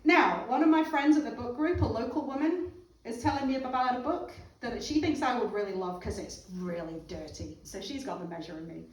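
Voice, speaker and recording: High-voiced British woman telling comic stories. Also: brisk. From England. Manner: laughing at her own jokes, animated impressions. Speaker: stand-up comedian. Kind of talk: comedic storytelling. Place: comedy club stage. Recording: roomy live club from far off.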